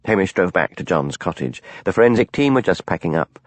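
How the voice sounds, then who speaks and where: A man reads a cozy mystery audiobook in a low voice that rises and falls expressively. The sound is close and dry, with no room around it. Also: very animated, brisk, no room sound. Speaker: audiobook narrator. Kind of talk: scripted audiobook narration.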